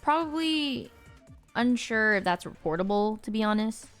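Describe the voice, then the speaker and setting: A woman streamer casually telling a story to her chat, animated and laughing often, acting out the lines of the people in it. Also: on the high side, moderate pace, soft background music. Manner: animated, acts out quoted lines, frequent laughter. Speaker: rideshare driver.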